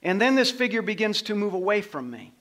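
A middle-aged man, a pastor, preaching a sermon and telling a story, swinging from loud passages to hushed ones. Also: high-pitched, big pitch swings, brisk.

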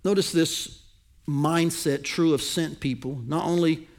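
Man, pastor, high voice, gravelly edge, animated sermon delivery, loud peaks and soft drops. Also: measured pace. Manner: animated preaching, swings from loud emphasis to near-whisper.

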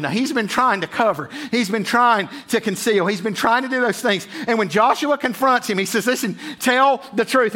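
A man's voice: sits high, pushed and bright. A male pastor preaching a sermon, reading scripture aloud and often repeating words as he builds intensity.

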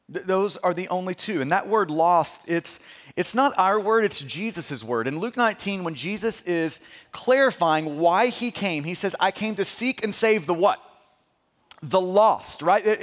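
A man's voice: high voice, a bit bright, in a large hall. A man preaching a sermon as pastor, earnest and sometimes stumbling over repeated words. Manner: earnest, repeats words when stressing a point.

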